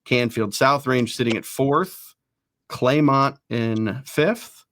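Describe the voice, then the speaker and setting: A male sports show host, reading down lists of rankings at a brisk clip. His voice sits at a middling pitch and is recorded dry and close, with no room sound. He throws in quick self-deprecating asides between entries. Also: fairly bright tone, dry recording. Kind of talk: casual sports talk show.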